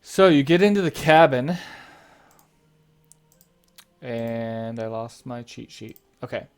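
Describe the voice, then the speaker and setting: A man narrating a tabletop fantasy game as game master, in a relaxed and halting way with many fillers. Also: mid-range voice, clean tone.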